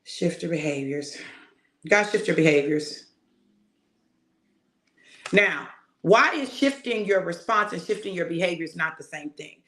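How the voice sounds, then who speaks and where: A woman's voice: fairly low pitch, expressive, normal speed, long pauses, a bit bright, reverberant. A woman minister delivering a casual, emphatic spoken sermon, talking straight to her listeners. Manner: emphatic and conversational, addressing listeners directly. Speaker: prophetic minister.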